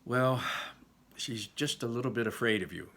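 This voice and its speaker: A man's voice: medium pitch, normal speed, a bit bright. A man reading as a politely distant stepmother. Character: polite reserved stepmother, young mother.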